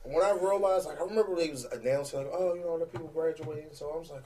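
A man co-hosting a podcast, telling school stories in casual chat, laughing often and loudly acting out what others said. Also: on the high side, fast talker, a crowd in the background. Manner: animated, laughs often, acts out quotes loudly. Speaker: podcast co-host.

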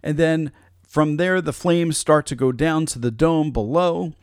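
A man's voice: on the high side, unhurried, clean tone, no room sound, studio quality. A male podcast host giving casual commentary with frequent fillers.

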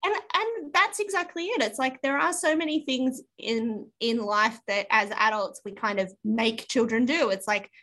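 A woman in her thirties with an Australian accent, chatting casually as a podcast co-host and telling animated stories about her kids. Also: fairly high pitch, normal speed, few pauses. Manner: animated storyteller, acts out her children's whiny voices. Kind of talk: casual chat.

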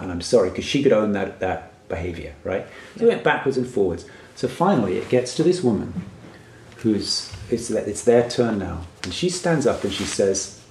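A man's voice: on the low side, animated, normal speed, a little mellow, echoey room, a little hiss or hum. A man who works as a workshop facilitator tells a personal story in an earnest, reflective way and often checks in with "right?".

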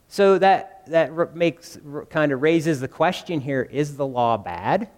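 A man's voice: on the high side, animated, unhurried, hardly any pauses, darkish tone, big-room sound. A man preaching a conversational sermon, often asking the congregation questions. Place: church.

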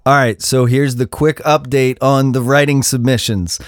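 A man's voice: medium pitch, moderate pace, clear, resonant tone, no room sound, studio quality. A man in his thirties hosting a solo podcast, ranting casually and swearing often. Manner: animated, profane, ranting. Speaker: podcast host.

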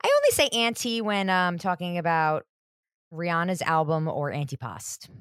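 A woman's voice: fairly low pitch, lively intonation, moderate pace, a bit bright, smooth, no echo. A woman co-hosting a podcast, chatting casually with dry, sarcastic jokes. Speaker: podcast co-host. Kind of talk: casual chat.

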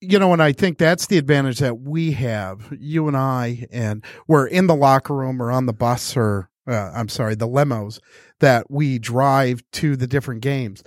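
A man with a middle-pitched voice trades wry, teasing remarks in a casual sports chat. The sound is dry and close to the mic. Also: moderate pace, no room sound. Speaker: podcast co-host.

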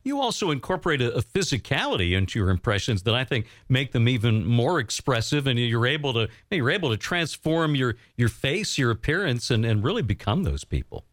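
A man hosting an interview, asking long, measured questions. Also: medium pitch, very animated, a bit bright, no echo, studio quality. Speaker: interview host.

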